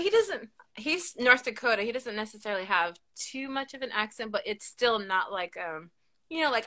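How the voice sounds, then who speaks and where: A woman with a lisp hosting a casual chat, animated and quick to swear and laugh. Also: mid-range voice. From Southern California. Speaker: podcast host.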